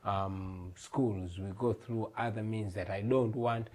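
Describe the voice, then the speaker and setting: A man's voice: on the low side, steady tone, takes it slowly, darkish tone. A man in his thirties from Uganda, an earnest, emphatic guest in a TV studio interview. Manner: earnest, emphatic, repeats words. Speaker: guest, musician.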